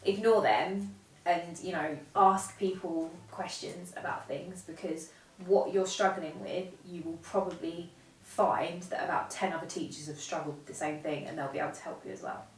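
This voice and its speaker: Woman teacher, down-to-earth and chatty, lowish voice, a bit far from the mic. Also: fairly even intonation, normal speed. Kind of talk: casual advice talk. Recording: roomy, distant mic, faint music.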